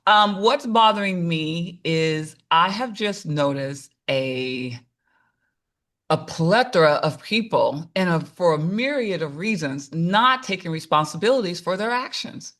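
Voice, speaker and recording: A woman in her fifties hosts a casual talk podcast. Her tone is bright and lively, and she tells stories by slipping into quoted voices. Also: fairly low pitch. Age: 50s. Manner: animated storytelling with quoted voices. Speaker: podcast host. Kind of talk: casual chat.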